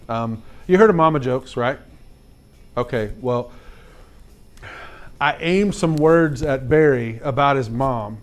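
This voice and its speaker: A man teaching fifth graders through a lively personal story. His delivery is chatty and animated, full of "like" and quick asides to the class, and his voice sits in a middle register. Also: mid-range voice. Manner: animated, chatty storytelling with repeated "like" and direct questions to kids.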